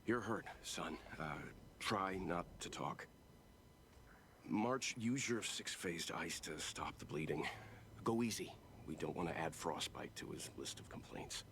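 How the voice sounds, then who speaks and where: An actor playing a calm, authoritative older male leader in a video game, speaking in a steady, measured way. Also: low voice, a little hiss or hum, heavily acted.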